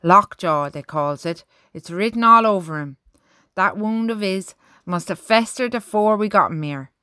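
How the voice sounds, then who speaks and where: A woman voicing a blunt, gruff male army sergeant. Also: high-pitched, normal speed, sharp tone, dry recording, studio quality. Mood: firm. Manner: blunt, firm.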